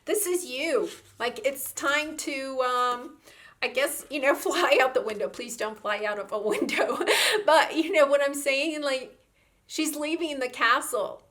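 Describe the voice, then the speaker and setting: Woman, tarot reader, gushing and warm-hearted in delivery, slightly high voice. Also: measured pace. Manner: effusive and gushing, with frequent fillers. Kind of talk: tarot reading monologue.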